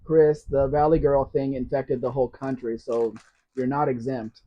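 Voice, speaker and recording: A man's voice: medium pitch, little pitch movement, normal speed. A man hosting a casual live question-and-answer stream, blunt and teasing, with opinionated asides. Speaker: livestream host. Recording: dull lo-fi stream audio.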